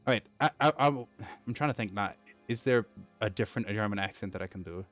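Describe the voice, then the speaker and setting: A man's voice: fairly low pitch, moderate pace, faint music behind. A man from Africa, chatting casually and rambling while streaming a game. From South Africa. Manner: rambling, easily distracted.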